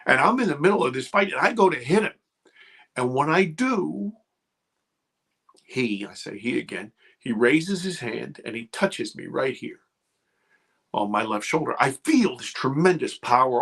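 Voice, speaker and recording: A man in his fifties, a radio show guest, retelling a frightening childhood memory in halting, emotional speech. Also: medium pitch, gravelly, fairly bright tone, husky. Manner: emotional, halting, restarts under strain. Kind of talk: personal story on a talk radio show.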